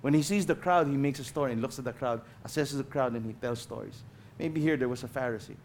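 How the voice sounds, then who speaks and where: A man with a Filipino accent preaching a sermon as a guest pastor, passionate, swinging between loud emphasis and quiet asides, slipping in Tagalog phrases. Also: mid-range voice, fast, slight background noise.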